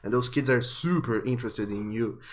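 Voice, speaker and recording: A man's voice: mid-range voice, moderate pace. A man narrating as game master in a tabletop game, casual and loose, with plenty of fillers.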